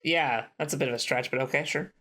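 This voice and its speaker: A man co-hosting a podcast, casually retelling film plots in a rambling, animated way. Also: mid-range voice, fast talker. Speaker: podcast co-host. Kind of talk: casual chat.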